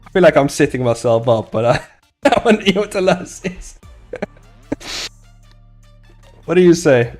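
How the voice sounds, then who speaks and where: A man's voice: fairly high pitch, lively intonation, unhurried, long pauses, a little mellow, soft background music. A young man chatting casually with viewers while drawing his comic. He rambles, laughs a lot and swears freely. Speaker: comic artist streaming. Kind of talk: casual live-stream chat.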